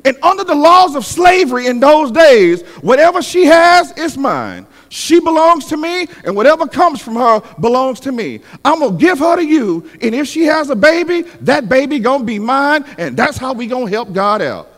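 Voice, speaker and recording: A scheming older biblical matriarch, put on by a male preacher. She wheedles, then turns indignant, her voice high and lively. It rings in a reverberant church hall. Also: brisk, few pauses, exaggerated voice.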